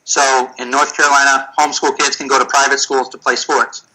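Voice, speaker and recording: A middle-aged man, a physical therapy clinic owner, telling stories in a casual, animated way. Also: medium pitch, fairly quick, low-quality recording. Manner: animated, storytelling with acted-out quotes. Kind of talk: casual storytelling chat.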